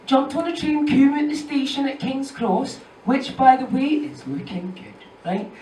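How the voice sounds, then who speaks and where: A Scottish woman performing animated stand-up comedy on a club stage. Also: high-pitched, unhurried, a little hiss or hum. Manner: animated, storytelling. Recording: echoey club from far off.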